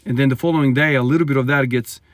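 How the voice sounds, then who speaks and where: A man's voice: mid-range voice, fairly even intonation, racing, no room sound. A man who is a strength athlete, talking casually in a training vlog, rambling and emphatic and often saying "man".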